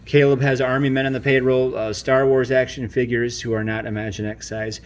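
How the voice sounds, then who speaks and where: A man's voice: mid-range voice, little pitch movement, fairly quick. A man in his thirties hosting a playful family video at home, jokey and mock-pompous as he introduces toys. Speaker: host.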